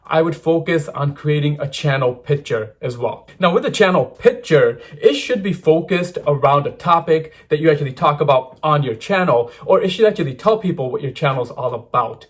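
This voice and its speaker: A man with a slightly husky, fairly high voice runs his own advice channel. He talks straight to the viewer in an upbeat, chatty way and keeps calling them "guys.". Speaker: YouTube channel host giving advice. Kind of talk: casual direct-to-camera advice.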